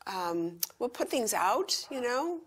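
A woman's voice: on the high side, sing-song, breathy edge. An older woman chatting enthusiastically as an interview guest in a retirement community. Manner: chatty and enthusiastic, quick bursts. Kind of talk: casual chat.

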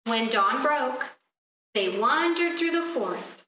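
At a library storytime, a woman reads a fairy tale aloud expressively, pausing to ask the children questions. Heard from a distance in an echoey room, her high voice moves slowly, with a little hiss or hum.

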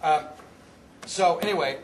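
A man telling a backstage anecdote in a casual, lively way, acting out the quotes as he goes, at a photo shoot. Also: fairly high pitch, unhurried, a crowd in the background. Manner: lively storyteller, acts out quotes. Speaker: ventriloquist telling a backstage story.

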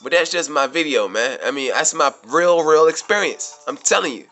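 This man's fairly high, expressive voice sounds pushed and bright, and he keeps a moderate pace over soft background music. He's a vlogger in New York City delivering a casual monologue to camera, a profane, meandering tale in which he repeats himself and gets increasingly heated.

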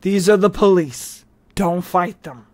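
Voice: medium pitch, steady tone, slow, darkish tone, dry recording, natural voice. An audiobook reader voicing an exhausted, sick teenage boy who pleads wearily with his friends and the police. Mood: pleading. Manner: pleading, weary.

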